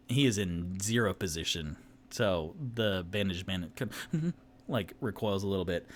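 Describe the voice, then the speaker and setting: Slow, rambling male game master. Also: lowish voice, fairly bright tone. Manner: rambling, with fillers and self-corrections. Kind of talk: narrating a solo tabletop game.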